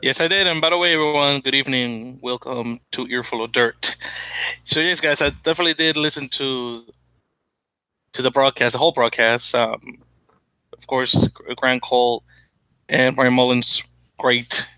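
A man's voice: mid-range voice, fairly even intonation, moderate pace, bright, forceful tone, no echo. A young man from the Dominican Republic hosting a casual sports podcast, rambling and correcting himself with frequent laughs. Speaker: podcast host.

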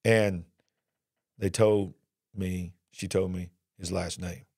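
A middle-aged man giving an earnest personal testimony about his past, retelling it slowly and with feeling. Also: sits low, fairly even intonation, darkish tone, no room sound, studio quality. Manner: earnest, drawn-out emotional retelling. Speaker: speaker sharing his life story.

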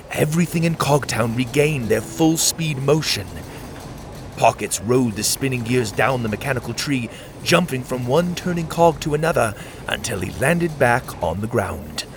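With background noise behind him, a man with a mid-range voice narrates a children's adventure story in an expressive storytelling style.

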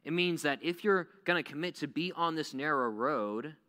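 Chatty youth preacher in an echoey hall. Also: male voice, fairly high pitch, normal speed. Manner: conversational, animated, many "like" fillers. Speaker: youth pastor. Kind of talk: youth sermon.

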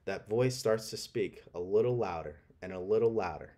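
A man's voice: fairly low pitch, normal speed, warm tone. A man hosting a podcast, giving an emphatic motivational talk with a coaching tone. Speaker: podcast host.

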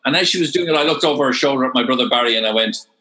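A man in his sixties from Ireland with an Irish accent, telling his story as an interview guest, animated and repeating words as he gets going. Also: mid-range voice, racing, rough recording.

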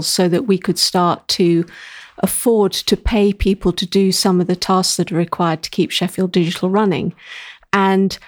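A woman's voice: mid-range voice, a little mellow, no echo. Woman cohosting a podcast, chatty and upbeat, dry close mic. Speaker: co-host of a local digital community podcast. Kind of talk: casual podcast chat.

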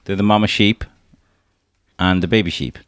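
A man's voice: low-pitched, fairly even intonation, moderate pace, dry recording. A man hosting a casual chat with his young son, teasing and encouraging him and chuckling often. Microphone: handheld microphone passed to child.

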